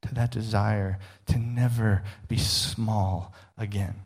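A man preaching a sermon as a pastor, earnest, often dropping soft and low to stress a point. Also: fairly even intonation, slow, husky.

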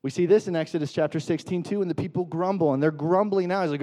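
Mellow-voiced man preaching conversationally. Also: on the high side, quick pace. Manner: conversational preaching, acts out quotes, rhetorical questions. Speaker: pastor. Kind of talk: sermon.

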